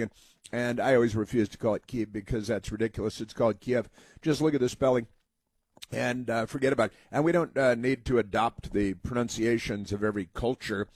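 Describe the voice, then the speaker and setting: A man's voice: mid-range voice, steady tone, brisk, a little mellow, slightly rough, no room sound. An American man hosting a political talk show, rambling with many fillers and mocking put-on voices. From United States. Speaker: talk radio host.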